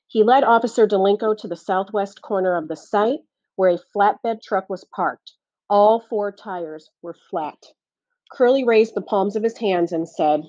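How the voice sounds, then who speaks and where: A woman reading a novel aloud as audiobook narration, steady and clear. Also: medium pitch, measured pace, no echo, muffled recording. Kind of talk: scripted narration.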